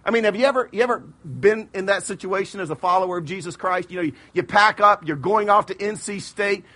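A middle-aged man preaching a sermon, retelling a Bible story in lively modern slang and acting out the characters. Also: high-pitched, brisk. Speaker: pastor.

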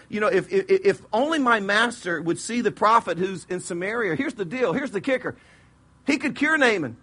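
A middle-aged man preaching a sermon, retelling a Bible story in lively modern slang and acting out the characters. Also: sits high. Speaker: pastor.

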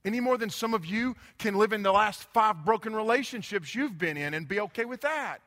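This high-pitched man speaks fairly quickly and expressively, his tone a little bright. He's a pastor delivering a sermon in church, drifting into relaxed, humorous tangents, and the handheld or stand mic captures the echo of the hall.

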